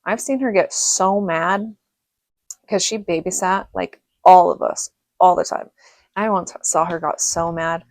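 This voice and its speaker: A middle-aged woman from Reno telling rambling stories about her childhood, laughing often and filling pauses. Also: on the low side, no room sound. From Reno, Nevada. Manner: rambling, chatty, laughs often, many fillers. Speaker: vlogger. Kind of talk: casual storytelling monologue.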